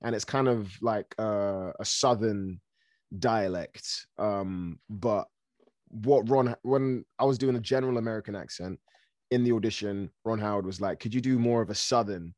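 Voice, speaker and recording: A man from Africa, an actor guest, telling stories in a lively, casual way, laughing often and swearing now and then. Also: on the low side, moderate pace, no echo, clean studio sound. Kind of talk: casual storytelling.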